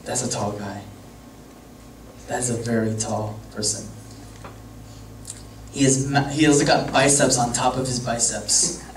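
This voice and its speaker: A man's voice: mid-range voice, little pitch movement, measured pace, pauses often. A young man, a youth pastor, telling a story to a youth group in a casual, joking, rambling way. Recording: echoey room from far off, faint hum.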